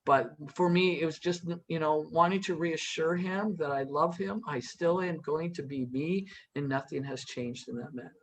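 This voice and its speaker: A man's voice: on the high side, normal speed, hardly any pauses, slight background noise, low-quality recording. A man speaking as a panel guest, telling a personal story in an earnest, reassuring way with frequent restarts.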